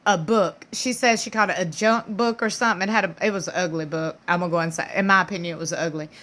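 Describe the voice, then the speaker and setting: A woman's voice: fairly low pitch, fast, a bit bright. A woman, casually recapping a reality show in a sassy, gossipy way full of slang and playful impressions.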